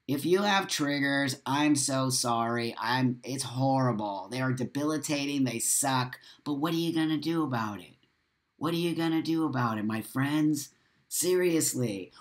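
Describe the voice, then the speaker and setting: A man on a casual live stream, speaking straight to his viewers in a heated, emphatic rant full of swearing. He reads out comments and pushes back hard, sounding wired on coffee after too little sleep. His pitch sits mid-range for a man. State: over-caffeinated and short on sleep.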